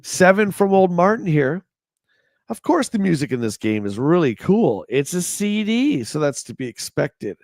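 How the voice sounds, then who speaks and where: A man's voice: on the high side, big pitch swings, normal speed, a little mellow, no room sound, studio quality. Wry man reading old reviews. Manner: reads magazine reviews aloud with wry, joking asides; chats back to a live chat. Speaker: livestream host. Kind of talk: casual livestream commentary.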